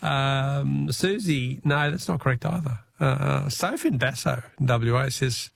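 An Australian man hosting a talkback radio quiz, chatty and quick to laugh, repeating the question for each caller. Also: mid-range voice, vocal fry, no room sound.

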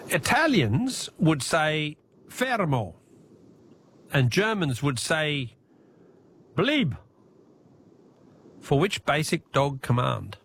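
A man with an Australian accent hosting a talkback radio quiz, chatty and quick with asides, laughing easily with callers. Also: a little high, lively intonation, creaky, a bit bright, a little hiss or hum.

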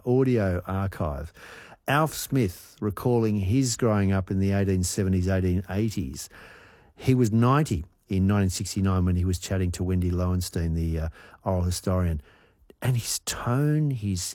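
Deep reflective radio host. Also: male voice, darkish tone, no room sound, studio quality. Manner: reflective, with drawn-out musing pauses. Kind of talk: radio talk segment.

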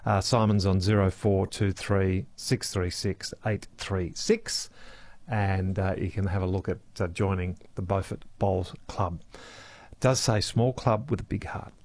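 An Australian man hosting a morning radio show, reading out listener messages in a chatty, relaxed way. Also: deep voice, measured pace, dry recording. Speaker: radio host. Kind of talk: casual radio chat. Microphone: studio microphone.

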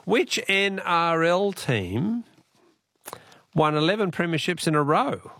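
A man's voice: fairly high pitch, lively intonation, takes it slowly, pushed and bright, no room sound, studio quality. A middle-aged Australian man hosting a call-in radio quiz, jokey and chatty, laughing often.

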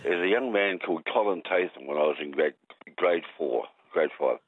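A man's voice: deep voice, normal speed. An Australian man calling in to a radio show, rambling and joking, tripping over his words. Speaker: caller. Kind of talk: rambling talkback phone call. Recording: tinny phone line.

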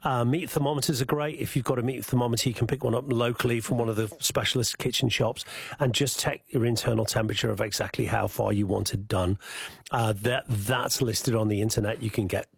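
A man with a Scouse accent, a chef guest chatting casually about cooking on the radio, halting with many fillers and restarts. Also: medium pitch, fairly even intonation, creaky, husky, no room sound.

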